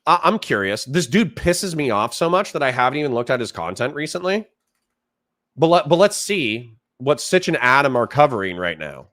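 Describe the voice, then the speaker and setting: A man's voice: mid-range voice, very animated, moderate pace, a bit bright. A man hosting a casual livestream, ranting with animation and reading out chat comments. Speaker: streamer host.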